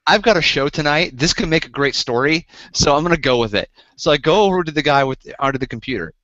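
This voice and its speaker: Male podcast host, casual storyteller; slightly high voice, dry muffled recording. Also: fast, no echo. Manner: animated, incredulous, acts out both sides of a story. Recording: dull lo-fi podcast audio, dry.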